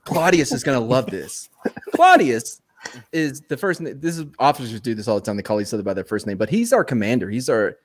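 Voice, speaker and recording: A man and former soldier telling a story in casual live-show chat, animated and laughing often. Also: mid-range voice, fast.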